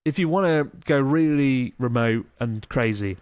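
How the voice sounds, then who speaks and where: A man's voice: mid-range voice, animated, unhurried, a little mellow, smooth, dry recording, clean studio sound. A man co-hosting a casual podcast, reading out listener emails and chatting enthusiastically, swearing casually now and then.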